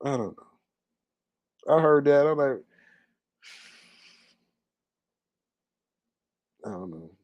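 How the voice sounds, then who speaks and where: A man's voice: medium pitch, big pitch swings, very slow, pauses often, dry recording, highs cut off. A young man talks through gossip in a casual, sassy commentary, laughing at his own jabs. His voice sits in the middle range. The sound is dry and close. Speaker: commentary vlogger.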